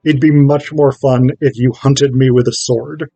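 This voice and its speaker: A man casually voicing a defiant starship captain in a flat, dismissive paraphrase. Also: mid-range voice, unhurried, dry recording.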